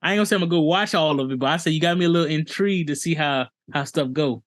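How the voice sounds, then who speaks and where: A man's voice: fairly high pitch, very fast. A man co-hosting a podcast in casual chat, listening closely and asking curious follow-up questions. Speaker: podcast co-host.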